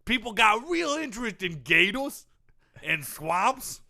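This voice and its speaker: A man's voice: high voice, sing-song, takes it slowly, bright, forceful tone, heavily acted. A man in a comedy sketch impersonating a football quarterback who talks in a put-on Cajun drawl as a swamp tour guide, rambling and folksy. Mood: hammy.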